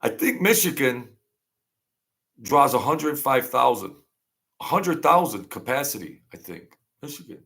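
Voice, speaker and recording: A man's voice: mid-range voice, animated, measured pace, creaky, fairly bright tone. A man hosting a casual livestream, rambling as he greets viewers by name and answers their comments. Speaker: livestream host.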